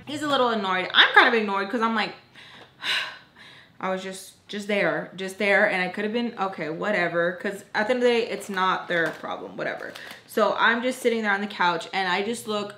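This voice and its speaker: A woman's voice: medium pitch, a bit bright, echoey room. A young woman telling a personal storytime in casual chat, quoting people and sighing now and then. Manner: chatty, quotes people in her own voice, sighs often. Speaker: storytime vlogger. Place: indoors, rain audible outside.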